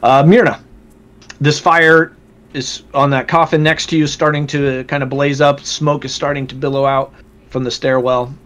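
A man's voice: mid-range voice, level tone, moderate pace, fairly bright tone. A man narrating as game master of a tabletop game, loose and full of fillers.

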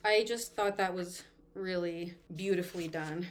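A woman's voice: on the low side, unhurried, a little hiss or hum. Chatty woman co-hosting a book podcast. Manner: animated, uses "like" often, reads passages aloud. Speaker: podcast co-host. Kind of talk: casual book discussion.

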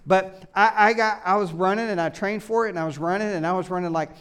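A pastor giving a conversational sermon, full of rhetorical questions and calls for agreement. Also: male voice, high voice, fast, fairly bright tone, smooth. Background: live congregation.

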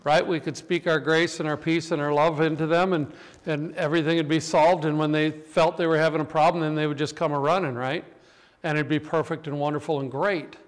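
A man preaching a sermon in an animated storytelling way, acting out voices in his stories, with a reverberant church hall around him. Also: on the high side, brisk.

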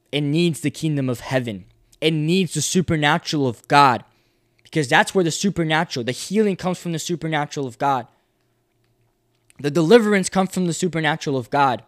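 A man's voice: medium pitch, no echo, studio quality. A man giving a podcast sermon, reading scripture and urging listeners with repeated, emphatic phrases. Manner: passionate, urging listeners to repeat verses aloud; repetitive, emphatic preaching cadence. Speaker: preacher.

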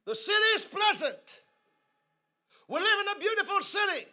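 A man preaching a sermon in a church service, telling humorous stories and leading the congregation in call-and-response that builds to shouting. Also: very high voice, animated, normal speed. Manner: humorous storytelling asides. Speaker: guest preacher.

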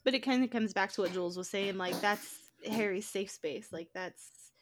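A woman in a casual book discussion, talking in a relaxed, conversational way. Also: mid-range voice, normal speed, a little hiss or hum.

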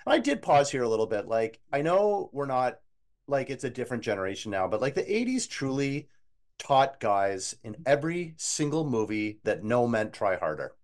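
A man co-hosting a podcast, reviewing an eighties movie in casual chat, opinionated and animated. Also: mid-range voice, normal speed. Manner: animated, opinionated, quotes scenes in a put-on voice. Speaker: podcast co-host.

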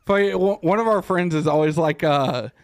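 A man's voice: on the high side, moderate pace, no echo, studio quality. A man co-hosting a casual chat, trading blunt, crude banter. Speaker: radio show co-host.

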